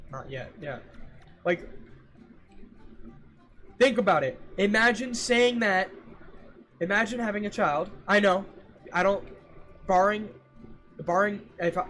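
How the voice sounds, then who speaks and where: A man streaming and chatting casually with viewers, ranting in an animated, exasperated way and repeating himself for emphasis. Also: sits high. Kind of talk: casual livestream chat with viewers.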